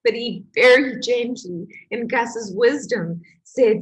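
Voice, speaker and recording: A woman speaks in a husky, breathy voice that sits a little high. She gives a candid, confessional motivational talk as a healing coach and tells her own story with open emotion. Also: takes it slowly, hardly any pauses, low-quality recording.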